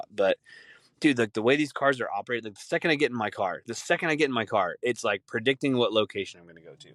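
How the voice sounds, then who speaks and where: A man's voice: on the low side, fairly bright tone, dry recording, clean studio sound. A man hosting a podcast, rambling in a casual solo rant full of swearing and laughter. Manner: rambling, profane, laughing often. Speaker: podcast host.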